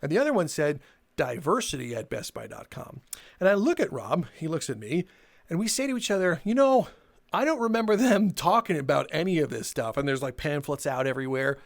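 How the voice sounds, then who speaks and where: A young man telling a casual story for his video channel, animated and swearing, laughing between lines and acting out what people said. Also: on the high side, a little fast, vocal fry. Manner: animated, swearing, laughs mid-sentence, acts out quotes. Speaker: storytelling YouTuber.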